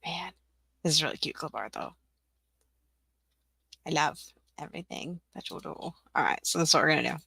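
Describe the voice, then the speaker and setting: A young adult woman runs a casual live-stream tutorial, narrating her own clicks and teasing herself as she goes. Her voice sits low but bright, with a gravelly edge. The sound is close and dry, with no room echo. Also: animated, moderate pace, pauses often. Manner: chatty, self-mocking, talks to herself while working, laughs often. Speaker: teacher-resource creator hosting a live stream.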